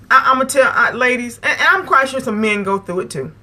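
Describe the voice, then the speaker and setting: A woman's voice: on the high side, animated, a little fast, few pauses, pushed and bright. A woman, hosting her own channel and lecturing her viewers, emphatic and repeating phrases to drive her point home. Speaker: vlog host. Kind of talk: preachy advice talk to camera.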